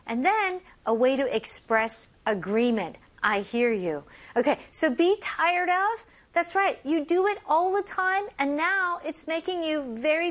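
Cheerful young woman teaching english, high lively voice, says each phrase slow. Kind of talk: bilingual English lesson.

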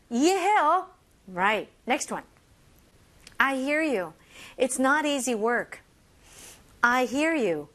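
A young woman teaching English phrases and switching between two languages, modeling each phrase slowly and clearly in a cheerful way. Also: high-pitched, a bit bright. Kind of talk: bilingual English lesson.

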